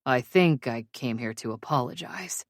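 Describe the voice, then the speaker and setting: A woman voicing a rough, sheepish young male hockey player who is hungover, his voice low and rasping in an audiobook. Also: animated, normal speed, dry recording, studio quality. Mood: hungover, groggy. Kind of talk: audiobook character reading.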